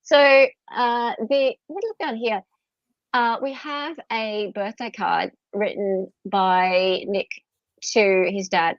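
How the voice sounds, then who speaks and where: An Australian woman co-hosting a casual live stream, chatty and laughing often, with halting restarts. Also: medium pitch, fairly even intonation, dry recording, highs cut off. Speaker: co-host.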